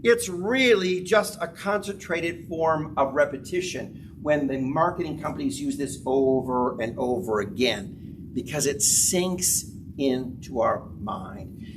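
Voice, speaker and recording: A man preaching a sermon as pastor, with dramatic swings in pitch and loudness and emphatic repetition. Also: slow pace. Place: church sanctuary. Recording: distant mic with background noise.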